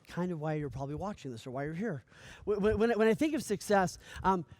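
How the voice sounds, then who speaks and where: A man giving a motivational coaching speech, energetic, often asking "right?" and acting out little dialogues. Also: high-pitched, fairly quick, no room sound. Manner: energetic, repeats "right?" often, stammers on restarts; acts out dialogue in lively voices. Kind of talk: motivational talk.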